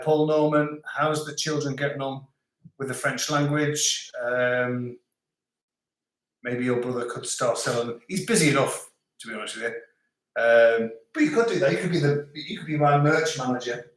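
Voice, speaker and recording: A middle-aged man, hosting a livestream and reading out viewer comments in a relaxed, chatty way with frequent laughs. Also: medium pitch. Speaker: livestream host. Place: home in rural France. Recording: echoey room.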